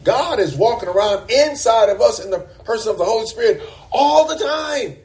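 A man's voice: very high-pitched, animated, moderate pace, a little mellow. A man preaching a sermon to a congregation in a church, emphatic and repeating words for stress.

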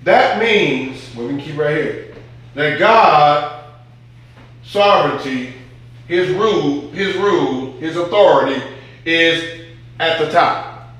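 Slow-preaching man in an echoey hall. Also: on the high side, lively intonation, fairly bright tone. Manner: repetitive, emphatic teaching with call-and-response. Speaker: pastor. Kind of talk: sermon.

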